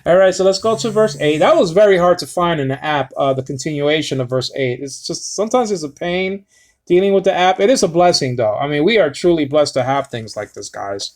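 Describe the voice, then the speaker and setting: Man teaching scripture casually, halting and filler-heavy, slightly higher voice, stops to sound out Greek words. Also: lively intonation, darkish tone. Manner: halting, many fillers, reading aloud slowly. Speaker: Bible teacher. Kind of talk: casual Bible lesson.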